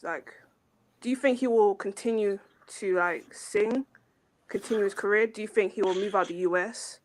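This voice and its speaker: A woman's voice: mid-range voice, normal speed. A woman calling into a live stream as a guest, earnestly asking heartfelt questions. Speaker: guest caller. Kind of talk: casual live chat.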